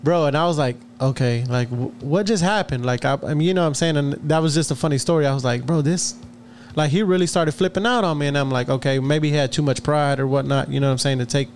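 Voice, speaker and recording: A man spins a story on a casual podcast, talking quickly and tumbling over his words with laughs and fillers. Faint ambience sits behind the voice. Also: a little high, slight background noise. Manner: rambling, laughs often, many fillers and restarts. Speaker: podcast co-host.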